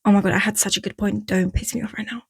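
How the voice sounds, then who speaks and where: A woman's voice: medium pitch, fairly even intonation, rapid-fire, creaky, breathy edge, no echo. Frank chatty woman, Eastern European accent. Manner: frank and chatty, drifts off topic, laughs at herself. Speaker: vlogger giving breakup advice. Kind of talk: casual direct-to-camera talk.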